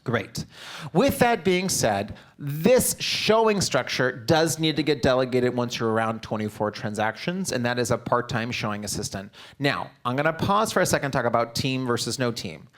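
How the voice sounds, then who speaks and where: A man leads a live business seminar in a direct, upbeat coaching manner. His voice sits in an ordinary middle pitch. He keeps checking in with the audience through short questions. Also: expressive. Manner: peppers talk with quick check-in questions to the audience. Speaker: real estate seminar presenter.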